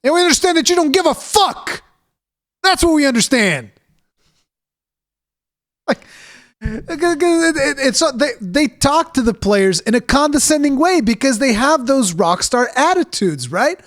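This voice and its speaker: A man's voice: extremely high pitch, animated, a little slow, fairly bright tone. A man giving a ranting reaction commentary, sarcastic, exasperated and full of profanity. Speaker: reaction streamer.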